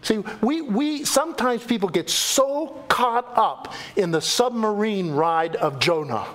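A male pastor preaches a sermon in a high-pitched voice at a measured pace, telling the story with animated delivery and acting out the quoted voices.

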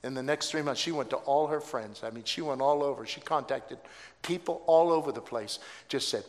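Male pastor, mid voice, animated sermon storyteller, reverberant sanctuary. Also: mid-range voice, brisk. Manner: animated, acts out quoted voices, stammering restarts. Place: church sanctuary. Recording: long hall reverb.

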